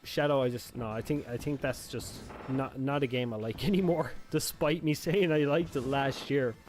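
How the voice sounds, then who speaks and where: Chatting on a live gaming stream, a man with a mid-range, darkish voice talks at a moderate pace, rambling and cursing while frequently correcting himself partway through sentences. Slight background noise is present.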